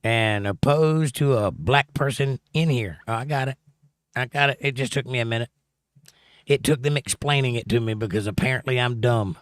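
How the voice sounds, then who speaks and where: A man with a mid-range, resonant voice speaks briskly and clearly, hosting a casual livestream from his home setup. He reads viewer comments aloud and jokes about them. The recording is dry and clean, with studio sound.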